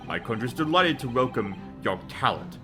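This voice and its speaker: A man's voice: medium pitch, big pitch swings, over music, close to an everyday voice. A man doing a stern British chief justice. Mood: formal. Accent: attempted British. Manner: formal, measured, commanding.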